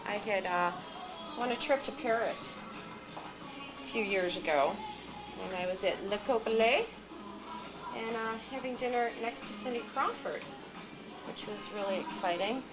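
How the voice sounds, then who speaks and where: A woman's voice: a little high, a little slow, long pauses, rough recording. A woman hairstylist telling chatty stories about her clients. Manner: chatty storyteller. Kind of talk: casual anecdotes to camera. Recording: loud music behind.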